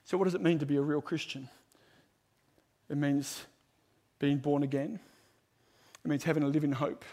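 High-voiced preacher, fervent. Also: male voice, fairly even intonation, moderate pace, long pauses. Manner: emphatic, swings from loud proclamation to hushed appeal. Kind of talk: evangelistic sermon. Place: large room with a live audience.

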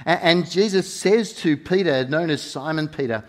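Preaching at a normal speed in a voice on the high side, a man moves from soft, intimate passages to loud, emphatic ones. He repeats key phrases to give them weight.

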